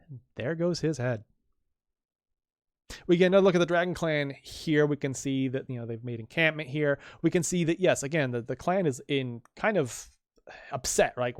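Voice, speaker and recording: A man's voice: a little high, expressive, normal speed, no echo, studio quality. Chatty man walking through comic panels. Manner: chatty, explains panels with frequent restarts. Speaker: comic creator reading his own comic. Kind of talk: casual comic reading with commentary.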